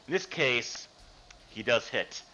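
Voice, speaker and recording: Male game master, animated narrator, bright forceful voice, dull lo-fi call audio. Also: mid-range voice, slow pace, a little hiss or hum. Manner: animated, rules-explaining narration. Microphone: video call. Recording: dull lo-fi mic.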